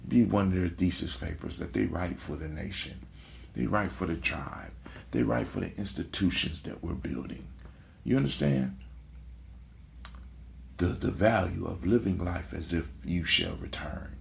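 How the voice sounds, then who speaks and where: A man's voice: low voice, measured pace, vocal fry. A man hosting a casual motivational talk, preachy, repeating his phrases and checking in with "right?". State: sleepy, yawning. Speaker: podcast host.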